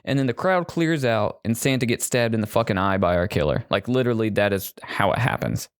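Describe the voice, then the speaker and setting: Low-voiced male co-host, dry close sound, swears a lot and hams up the characters in his retellings. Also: brisk, clean tone, dry recording. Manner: profane, animated retelling with mocking put-on voices. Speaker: podcast co-host. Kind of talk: casual movie-review chat.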